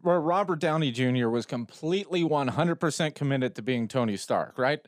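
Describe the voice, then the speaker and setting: A man's voice: medium pitch, lively intonation, normal speed, no room sound, clean studio sound. A man co-hosting a podcast, emphatic and exasperated in casual chat, often breaking off mid-sentence. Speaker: podcast co-host.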